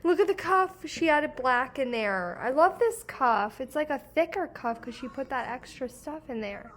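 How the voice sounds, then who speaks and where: A young woman hosting a knitting vlog, gushing with excitement over handmade gifts in casual chat. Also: high voice, unhurried. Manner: gushing, effusive, exclamatory. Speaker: knitting podcast host.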